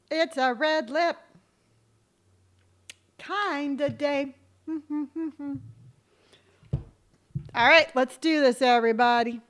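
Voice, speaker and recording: High-voiced woman streamer, slow and effusive. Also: a bit bright. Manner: effusive, thanking viewers one by one. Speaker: live-stream host. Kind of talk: casual live-stream chat while gaming.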